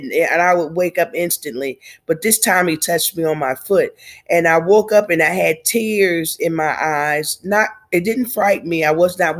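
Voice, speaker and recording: A woman in her fifties, slightly nasal from a cold, speaking haltingly through grief in a personal video diary. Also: lowish voice. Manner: tearful, halting, reflective. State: congested from a cold. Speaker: vlogger.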